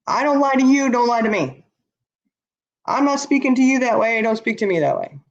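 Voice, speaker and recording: A woman's voice: a little high, moderate pace, muffled recording. Blunt, tired woman streamer. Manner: blunt, animated, reads and answers chat. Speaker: livestream host. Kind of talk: casual livestream chat. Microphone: laptop or webcam.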